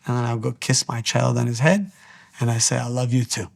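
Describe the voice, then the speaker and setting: A man's voice: medium pitch, brisk, creaky. A man giving a spiritual teaching monologue, speaking earnestly and repeating his exhortations.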